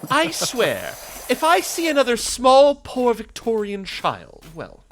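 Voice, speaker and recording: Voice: medium pitch, wildly swooping pitch, takes it slowly, pitched above the performer's own voice, full character voice. A streamer voicing a pompous aristocratic vampire dandy. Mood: haughty. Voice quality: haughty, drawling, says darling. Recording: hissy stream audio, spray noise.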